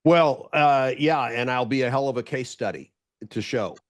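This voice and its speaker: A man's voice: medium pitch, moderate pace. A man with an American accent, a jokey, upbeat guest chatting on a podcast. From United States. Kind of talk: casual interview chat.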